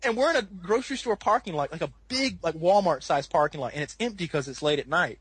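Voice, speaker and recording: Man, podcast storyteller, animated, slightly high, husky, dry close sound. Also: quick pace, no echo. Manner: animated, laughs often, acts out quoted people in a higher voice. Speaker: podcast co-host. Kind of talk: casual storytelling.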